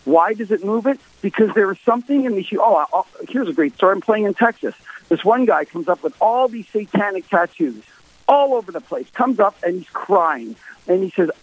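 A male musician, guesting on a phone interview, tells stories in a high, animated voice at a slightly quick pace. He's emphatic and repeats things for stress. The phone line sounds tinny and dry, with no room sound.

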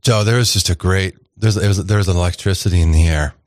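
Chatty low-voiced male radio host. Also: fast talker, a little mellow, dry recording, clean studio sound. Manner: chatty, rambling with fillers and restarts. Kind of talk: casual radio chat.

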